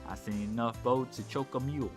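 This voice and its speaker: A man's voice: mid-range voice, fairly quick, natural voice. A man voicing a brash young Southern woman photographer, with a put-on Southern drawl and a feisty, folksy manner. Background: game music.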